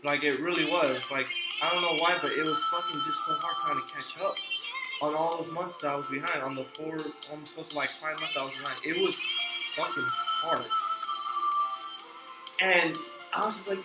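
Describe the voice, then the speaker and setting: Young male vlogger, high-pitched, venting in a casual swear-filled rant; echoey room with music under it. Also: normal speed. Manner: frustrated, profane, repeats and restarts a lot.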